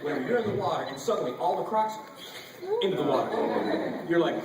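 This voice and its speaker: A man telling a wild story on a convention panel, animated and profane. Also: a little high, moderate pace, a loud crowd. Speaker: panel guest actor. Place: large convention hall. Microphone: audience camera far from stage. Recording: echoey hall recorded from far off with noise.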